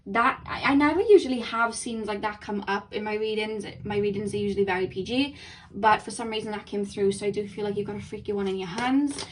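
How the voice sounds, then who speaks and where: A young woman giving a chatty tarot reading, rambling and excitable, talking quickly. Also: mid-range voice, distant mic, slight background noise. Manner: excitable, rambling, talks fast. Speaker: tarot reader. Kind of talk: chatty intuitive card reading.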